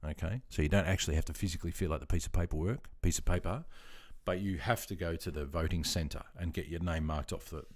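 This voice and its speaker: An easygoing Australian man in his fifties, hosting a casual livestream. His voice sits on the lower side. He chats loosely with his viewers, calls them mate and pokes fun at himself. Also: quick pace, hardly any pauses, darkish tone. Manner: laid-back and chatty, calls viewers mate, self-deprecating. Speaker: livestream host. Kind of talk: casual livestream chat answering viewer comments.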